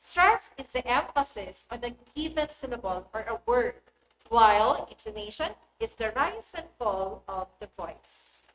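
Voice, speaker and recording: High-voiced woman teaching, echoey. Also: big pitch swings, fairly bright tone. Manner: clear, deliberate teacherly delivery, stressing key words. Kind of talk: recorded English lesson. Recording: echoey room with faint noise.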